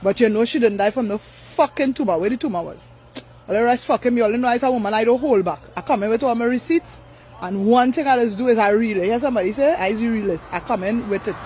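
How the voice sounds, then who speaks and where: A woman's voice: a little high, fast talker, a little mellow, slight background noise, low-quality recording. An older woman, ranting on a live stream, blunt, profane and repetitive. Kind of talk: angry live-stream rant.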